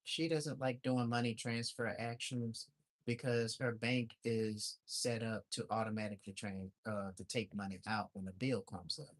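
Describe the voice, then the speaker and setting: A man's voice: on the low side, fairly even intonation, normal speed. A man talks on a casual livestream in a blunt, exasperated rant. He swears freely and circles back to the same complaints again and again. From lives in Alaska. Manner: blunt and ranting, with profanity; repetitive and exasperated.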